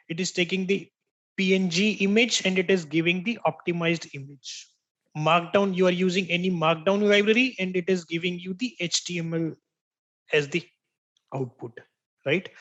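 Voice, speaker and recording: Male tech trainer with a high voice, explains patiently, repeats key terms, keeps asking "right?". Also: fairly bright tone, dull audio. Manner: explanatory, checks in with "right?" after each point. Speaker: software instructor. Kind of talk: online tech training lecture.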